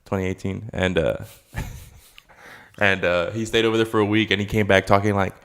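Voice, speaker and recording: A man's voice: on the low side, little pitch movement, moderate pace, fairly bright tone, clean tone. A man co-hosting a casual podcast, telling loose, profane stories and slipping into mock voices. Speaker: podcast co-host. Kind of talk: casual chat.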